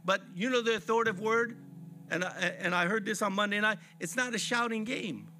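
A man's voice: high voice, fairly quick, bright, forceful tone, faint music behind. A man preaching a sermon at a church service, fervent and repetitive, calling out to the congregation. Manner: fervent, repetitive preaching with call-and-response phrasing.

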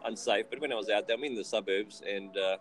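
A man's voice: on the low side, fast, a bit bright, faint music behind, poor audio. A man co-hosting a podcast, chatting casually in an offhand way with dry humour. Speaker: podcast co-host.

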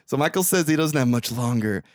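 A man's voice: medium pitch, animated, fairly quick, a little mellow, no room sound, clean studio sound. A man co-hosting a podcast, casually recapping a movie plot in a rambling, profane way and acting out the characters' lines. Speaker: podcast co-host.

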